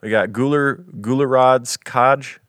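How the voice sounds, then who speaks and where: A man co-hosting a podcast who reads listener reviews aloud in an easygoing way and adds quick asides. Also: mid-range voice, steady tone, a bit bright, no room sound. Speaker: podcast co-host. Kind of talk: casual podcast chat, reading listener reviews.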